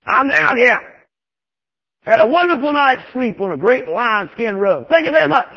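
A man preaching acts out a calm, cheerful prophet who answers nonchalantly from below. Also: extremely high pitch, moderate pace, breathy edge, muffled recording, voice pushed up, exaggerated voice. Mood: breezy. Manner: breezy, nonchalant. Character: calm cheerful male prophet, unbothered, jaunty.

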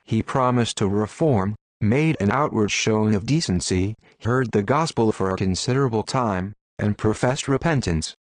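A low-voiced man narrates a scripted audiobook at a moderate pace, barely pausing. The recording is studio quality with no room sound.

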